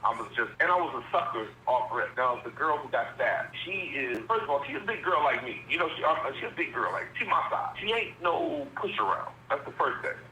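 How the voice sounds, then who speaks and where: Phoning in from prison for a candid interview, a man in his forties from Virginia talks earnestly and plainly, rambling somewhat. His mid-range voice is sing-song, pushed and bright, running a little fast with hardly any pauses, over a rough recording with slight background noise.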